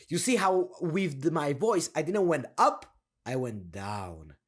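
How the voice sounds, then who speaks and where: Energetic young man coaching with lively pitch. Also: a little slow, breathy edge. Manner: energetic, laughing, slangy, demonstrates a deep down-turned delivery. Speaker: confidence coach. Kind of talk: casual coaching monologue.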